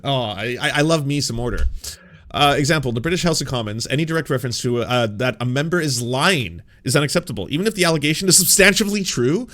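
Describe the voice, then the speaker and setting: A man's voice: medium pitch, animated, quick pace, fairly bright tone. A man hosting a casual news commentary show, sarcastic and often laughing, reading bits aloud and mocking them. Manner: sarcastic, laughing, mock-pompous asides.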